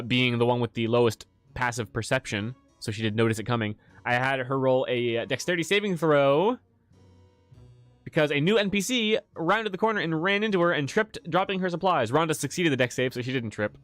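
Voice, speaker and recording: A man's voice: mid-range voice, normal speed, no echo. A man in the role of game master, talking casually on a livestream. His voice sits in an ordinary middle range, and his easygoing talk is full of asides and jokes at his own expense. Faint music hums in the background. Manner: relaxed and chatty, laughs at himself. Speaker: game master and channel host.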